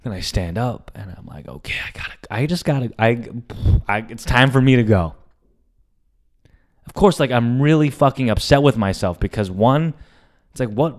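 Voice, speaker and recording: A young adult man hosting a podcast, telling a candid story, animated, swearing often and acting out the lines of the people in it. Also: mid-range voice. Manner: animated, swears often, acts out his own and others' lines. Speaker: podcast host.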